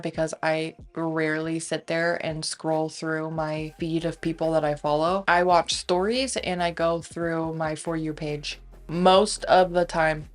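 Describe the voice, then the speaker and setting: A young woman in casual recap commentary, chatty, filling her talk with "like" and acting out what people said. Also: sits low. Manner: chatty, heavy use of "like", retells scenes in quotes. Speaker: recap vlogger.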